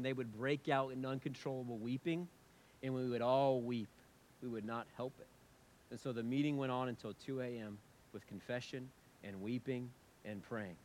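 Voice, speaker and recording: A man, a pastor, preaching a sermon in a church, earnest and emphatic, swinging from loud urgent passages to quiet prayerful tones. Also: medium pitch. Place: church sanctuary with congregation.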